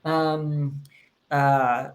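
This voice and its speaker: Hesitant New Zealand man, slightly high. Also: level tone, drawn-out words. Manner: hesitant, many fillers and restarts. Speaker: podcast co-host. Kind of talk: casual chat.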